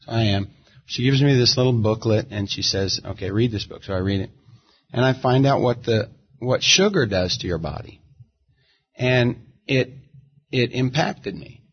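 A middle-aged gospel singer, guesting in an interview, tells stories in a relaxed, reflective, drawn-out way. His mid-range voice is animated with a breathy edge, and the recording sounds dull and muffled.

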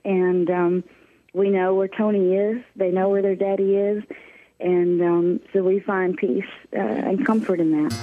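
A woman guest telling a personal story, speaking haltingly with pauses and restarts. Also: mid-range voice, level tone. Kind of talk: emotional personal testimony. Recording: tinny phone-like line.

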